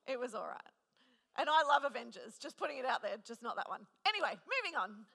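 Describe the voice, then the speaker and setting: A woman's voice: on the high side, expressive, brisk, gravelly, pushed and bright. A woman in her thirties preaching a conversational sermon, telling a personal story in a chatty, self-deprecating way. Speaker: preacher at a women's gathering. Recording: long hall reverb.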